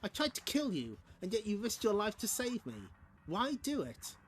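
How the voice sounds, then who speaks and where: A man putting on a cowardly little comic-book villain, high and pleading. The voice leaps around and sounds bright and sharp. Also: wildly swooping pitch, moderate pace, heavily acted. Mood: wondering. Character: cowardly scheming male villain, frightened.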